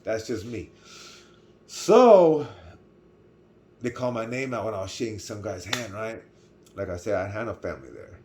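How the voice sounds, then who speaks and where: A middle-aged man with a Californian accent recounts a story to the camera in a loose, rambling way, circling back on himself. His voice sits low. A faint hum of ambience runs underneath. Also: fairly quick. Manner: rambling, full of restarts and "right?" asides. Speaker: vlogger.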